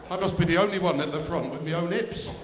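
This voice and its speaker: Male stand-up with a fairly high, bouncy voice, teasing the front row in a reverberant theatre. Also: fast talker, a crowd in the background, noisy background. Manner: cheeky banter with the audience. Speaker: stand-up comedian. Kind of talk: stand-up comedy. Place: theatre stage. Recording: echoey theatre stage.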